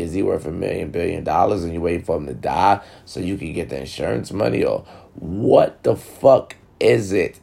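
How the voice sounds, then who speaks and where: Blunt, gravelly man ranting about relationships. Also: sits low, a little hiss or hum. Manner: blunt, profane and talkative, addressing viewers directly. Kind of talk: casual monologue giving relationship advice.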